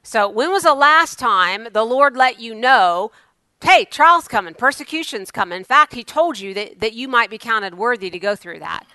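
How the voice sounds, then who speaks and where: A woman preaching a sermon, moving from loud exclamations to hushed asides. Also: on the high side, animated, normal speed, hardly any pauses, dry recording.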